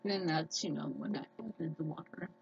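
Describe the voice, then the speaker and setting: Woman, scratchy hoarse voice, nasal, rambling casual chat, muffled home recording, faint room hum. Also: low-pitched, normal speed. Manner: rambling, chatty, many fillers and restarts. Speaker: cooking vlogger.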